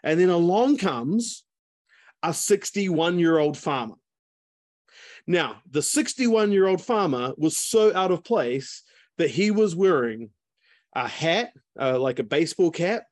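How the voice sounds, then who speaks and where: A chatty man spinning a yarn over a video call, peppering his talk with asides. His voice sits a little high, and the sound is close and dry with no room behind it. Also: sing-song, unhurried, a little mellow, no room sound. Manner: chatty, lots of fillers and asides. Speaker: speaker. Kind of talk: casual storytelling talk.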